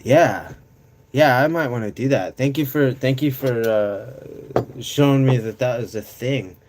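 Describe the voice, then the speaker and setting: A man's voice: mid-range voice, measured pace, darkish tone, slight background noise. Profane rambling male streamer. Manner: profane, rambling, reads chat aloud. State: coughing. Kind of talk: casual live-stream chat.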